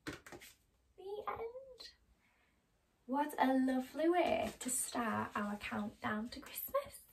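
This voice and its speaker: A woman's voice: a little high, gravelly, far from the mic, low-quality recording. Woman storyteller, slightly off-mic. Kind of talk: reading a children's story aloud. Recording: voice a little off-mic.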